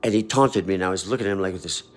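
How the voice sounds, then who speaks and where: A man's voice: deep voice, rapid-fire. A man telling a personal story to camera in an emphatic, intense way.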